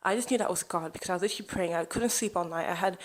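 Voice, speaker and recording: A woman's voice: lowish voice, very fast. A young woman telling a personal story to camera in a chatty, rambling way, leaning on "like" as she goes. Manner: chatty, rambling, heavy use of "like". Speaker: vlogger sharing a testimony.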